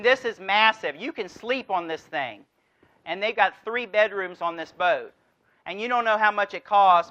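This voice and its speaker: A man's voice: high-pitched, pushed and bright, muffled recording. A man giving a motivational keynote address, telling a story and driving his points home with rhetorical questions. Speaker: keynote speaker.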